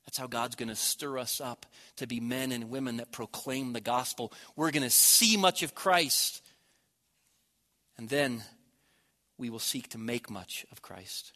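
A man preaching a sermon, swelling loud on key words and dropping to a near hush at the ends of phrases. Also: medium pitch, unhurried.

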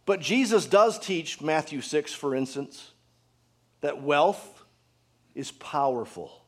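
A pastor preaching a sermon to his congregation, earnest, asking rhetorical questions and dropping to a hushed tone for emphasis. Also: a little high, a little slow.

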